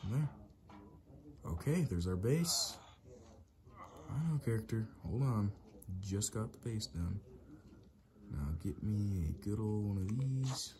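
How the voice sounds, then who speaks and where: A man's voice: lowish voice, slow pace, long pauses. An Irish man giving casual commentary on his own gameplay, muttering running instructions to himself as he builds. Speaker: let's play gamer. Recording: steady background noise with keyboard clicks.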